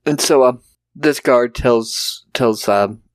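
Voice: medium pitch, slow, dry recording. A podcast co-host reviewing a film in casual chat, laughing often and acting out quotes in silly voices.

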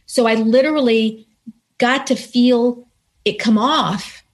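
Animated woman telling a personal story. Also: a little high, slow. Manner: earnest, animated storytelling with quoted voices. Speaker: interview guest. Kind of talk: personal story told in conversation.

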